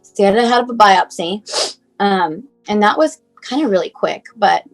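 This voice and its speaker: A woman's voice: medium pitch, moderate pace, vocal fry, faint music behind. Rambling woman telling an emotional story. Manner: rambling, many fillers, acts out phone calls. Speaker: mother telling her son's story.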